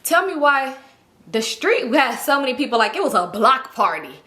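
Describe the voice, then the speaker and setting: A young woman telling a story to camera in a casual, slangy, animated way, acting out what people said. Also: sits high, normal speed. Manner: animated, slangy, acts out quotes. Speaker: storytime vlogger.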